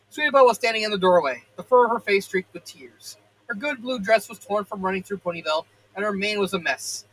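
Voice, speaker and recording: Brief: man in his 30s reading fan fiction aloud; high, slightly husky voice, self-correcting. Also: fast, a bit bright, rough recording. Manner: stumbles, self-corrects and breaks off into joking asides.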